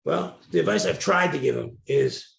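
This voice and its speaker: Gravelly middle-aged man telling stories. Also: a little high, animated, moderate pace. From New Jersey. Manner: candid, colorful storyteller. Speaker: guest. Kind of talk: storytelling interview. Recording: roomy echo.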